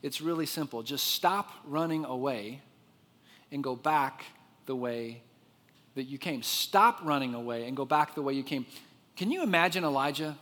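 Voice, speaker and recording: A man's voice: mid-range voice, moderate pace. Male pastor preaching in an echoing hall. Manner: expressive storyteller, drops to a soft hush for quiet moments. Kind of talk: sermon.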